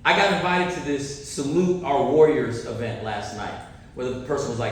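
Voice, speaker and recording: A man giving a keynote speech at a university conference, telling stories with animated energy, laughs and restarts. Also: mid-range voice, normal speed. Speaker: keynote speaker. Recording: echoey hall, distant mic, faint noise.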